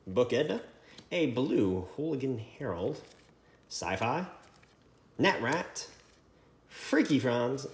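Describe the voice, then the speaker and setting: A man hosting a trading card break, reading out card names in a running list with quick asides. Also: mid-range voice. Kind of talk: casual card-opening commentary. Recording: echoey room with faint noise.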